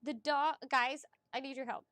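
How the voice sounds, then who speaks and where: On a casual live stream, a woman gives psychic readings, chatty and excitable, swearing freely as she addresses her viewers directly. Her voice is high-pitched and her pace moderate, with no echo.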